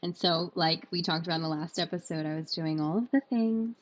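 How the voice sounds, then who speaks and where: A young woman co-hosting a podcast tells a story in casual chat, acting out the quotes as an animated storyteller. Her voice is fairly low and brisk, and the audio sounds dull.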